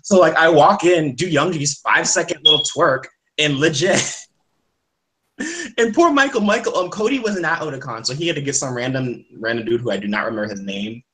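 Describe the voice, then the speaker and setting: A young man hosting a casual chat, rambling and laughing with animated retold quotes. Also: a little high, brisk, low-quality recording. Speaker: host.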